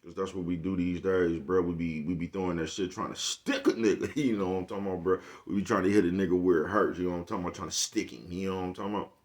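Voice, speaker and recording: A man's voice: sits low, fairly even intonation, very fast, hardly any pauses, darkish tone. A man talking in a laid-back monologue, full of profane slang and repeated check-ins with the listener. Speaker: vlogger. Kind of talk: casual monologue.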